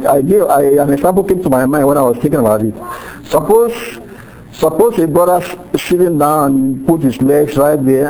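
Conversational male preacher, mellow tone. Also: fairly high pitch, low-quality recording. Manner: conversational preaching with acted-out quotes. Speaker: pastor. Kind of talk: sermon.

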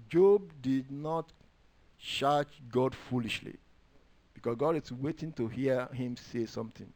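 Preaching a little slowly, a man reads and quotes from scripture. He alternates quiet, low asides with loud, raised proclamations and draws out words to stress them.

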